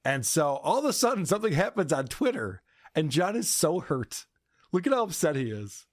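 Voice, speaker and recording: A man's voice: a little high, sing-song, normal speed, no echo. Sarcastic podcast host man, dry mic. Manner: sarcastic, laughing, crude. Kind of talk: mocking podcast commentary.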